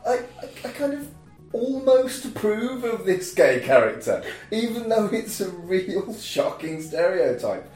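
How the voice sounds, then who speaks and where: A man's voice: high voice, sing-song, measured pace, a little mellow, recorded from a distance. A man co-hosting a podcast who gives sarcastic, opinionated commentary on a film. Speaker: podcast co-host. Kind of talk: casual chat. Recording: echoey room, off mic, faint music.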